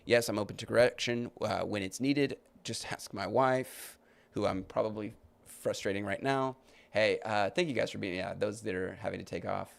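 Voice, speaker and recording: A man's voice: lowish voice, normal speed, creaky. A man hosting a podcast, arguing his point and rebutting comments he reads aloud, with many restarts. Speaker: podcast host. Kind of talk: live-stream commentary reading comments.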